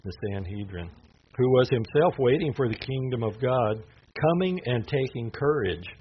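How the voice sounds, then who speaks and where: A man's voice: mid-range voice, animated, moderate pace. A man teaching through a Bible passage in a conversational way, reading scripture aloud and adding asides. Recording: dull lo-fi sound with faint noise.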